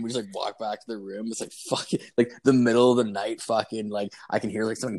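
Husky-voiced young man rambling profanely. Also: lowish voice, level tone, fast talker, hardly any pauses, darkish tone. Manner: rambling, profane, constant "like" fillers. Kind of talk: casual storytelling chat.

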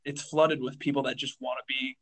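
A man's voice: medium pitch, little pitch movement, brisk, a bit bright. Give me a young male stand-up comedian chatting loosely on a podcast, full of fillers and restarts. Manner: rambling, filler-heavy, says dude a lot. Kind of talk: casual podcast chat.

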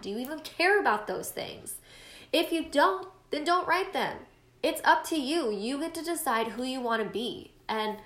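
A woman in her late twenties hosts her own podcast, chatting through a casual solo monologue in an encouraging, self-deprecating way. Her voice is a little high and a bit bright, she has a stuffy nose, and the recording sounds roomy.

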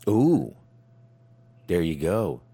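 A man hosting a casual chat, talking in a halting way with frequent restarts and fillers. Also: deep voice, big pitch swings, dark tone, breathy edge. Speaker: podcast host.

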